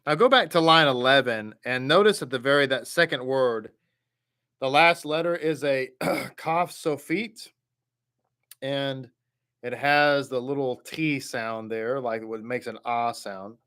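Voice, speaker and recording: Slow, bright-voiced male Hebrew teacher. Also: medium pitch, smooth. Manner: patient, encouraging, repeats each word slowly. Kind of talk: slow word-by-word reading lesson.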